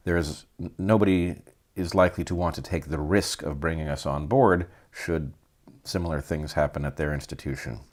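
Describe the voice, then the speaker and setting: Very deep-voiced man, deliberate speech. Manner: deliberate, articulate. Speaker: guest, former professor. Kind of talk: interview answers.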